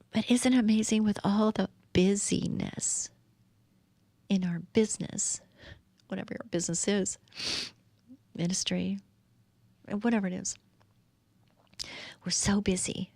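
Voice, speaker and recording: A woman's voice: mid-range voice, fairly even intonation, unhurried, gravelly, long pauses, mellow, no echo. A middle-aged woman hosting a live stream, giving a heartfelt devotional talk full of rhetorical questions. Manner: heartfelt, earnest, asks many rhetorical questions. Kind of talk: faith-based devotional talk.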